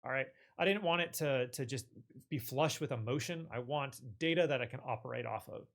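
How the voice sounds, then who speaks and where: A man's voice: mid-range voice, fairly quick, creaky, fairly bright tone. A man presenting a tech tutorial in a casual walkthrough style, with loose phrasing, many fillers and frequent self-corrections. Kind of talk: casual screen-share walkthrough.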